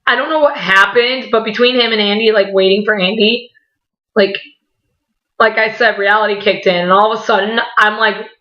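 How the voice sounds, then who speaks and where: A young woman telling a story in a casual, rambling way, excited, swearing often and saying "like" a lot. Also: mid-range voice, moderate pace, dull audio. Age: young adult. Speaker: vlogger.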